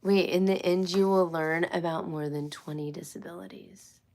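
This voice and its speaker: A woman's voice: on the low side, steady tone, moderate pace, a little mellow. A woman hosting a casual homeschool live stream, chatty and rambling, with many fillers and restarts. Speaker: homeschool livestream host.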